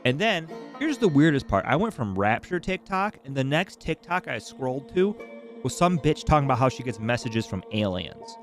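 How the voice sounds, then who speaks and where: A man's voice: medium pitch, sing-song, normal speed, faint music behind. A man streaming a video game, chatting casually in an irreverent, profane, rambling way while coming down with a cold. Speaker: gaming livestreamer. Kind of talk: casual chat while playing.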